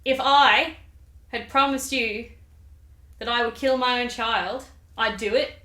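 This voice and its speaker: A woman's voice: fairly high pitch, steady tone, slow pace, bright, forceful tone, echoey room. A bossy, scheming noblewoman, played by a woman. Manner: pushy, exasperated, casual slang.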